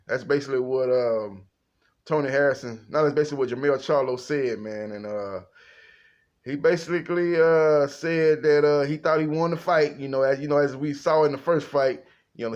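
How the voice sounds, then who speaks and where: Male boxing commentator, mid-pitched, casual and rambling, slightly dull lo-fi recording. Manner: loose and conversational, heavy fillers, calls listeners "man".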